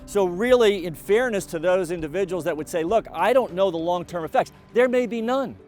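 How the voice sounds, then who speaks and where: Man, middle-aged, college president update, deliberate measured delivery, fairly high pitch, soft background music. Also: lively intonation. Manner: measured, deliberate, with frequent fillers and restarts. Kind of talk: video update to the college community.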